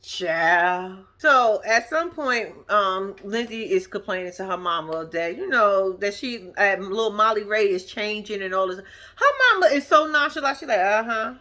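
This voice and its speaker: A woman's voice: mid-range voice, lively intonation, unhurried, sharp tone. A woman giving a casual, blunt, sassy recap of a TV episode, slangy and profane, laughing often and talking straight to her viewers. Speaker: vlogger recapping a reality show. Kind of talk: casual reaction commentary.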